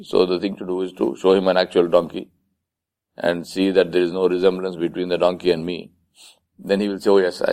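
Low-voiced man giving an Islamic talk. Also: darkish tone. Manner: conversational, acts out quoted voices. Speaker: Islamic speaker. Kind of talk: sermon lecture.

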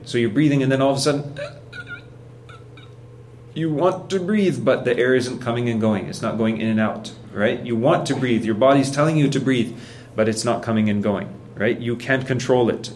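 A man's voice: medium pitch, slight background noise. A man giving a casual religious lesson in a conversational way, often checking in with "right?" and acting out how people react. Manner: conversational, keeps asking "right?". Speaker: religious teacher.

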